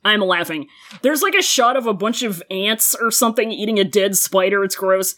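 A woman's voice: medium pitch, animated, normal speed, a bit bright. A woman co-hosting a podcast, retelling a show in casual chat, laughing often and swearing freely. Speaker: podcast co-host.

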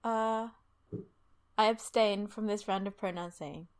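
A woman's voice: mid-range voice, steady tone, unhurried. A woman co-hosting a podcast over a video call, playful and a little hesitant in casual chat. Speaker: podcast co-host.

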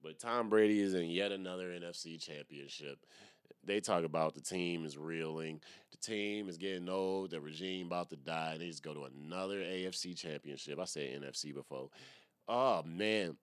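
A stand-up comedian hosting his own solo comedy podcast rambles through a casual rant, swearing, using slang, and laughing at his own jokes. His deep voice is smooth at a moderate pace, with clean studio sound and no room sound.

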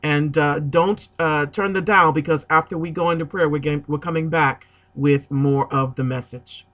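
A man's voice: a little high, steady tone, moderate pace, a bit bright. A man earnestly announcing a time of prayer on a gospel radio show, with frequent "uh" fillers.

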